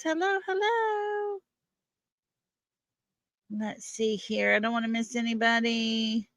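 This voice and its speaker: A woman's voice: on the high side, no echo, clean studio sound. A woman hosting a livestream, greeting viewers one by one in a folksy way. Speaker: livestream host. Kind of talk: casual livestream chat.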